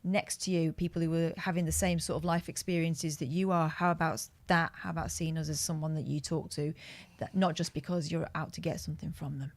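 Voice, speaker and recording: A woman sits in as a guest on a talk show, making her points in a careful, earnest way. Her voice sits on the low side. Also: flat delivery, brisk, a little mellow. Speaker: guest co-host. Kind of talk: chat show discussion.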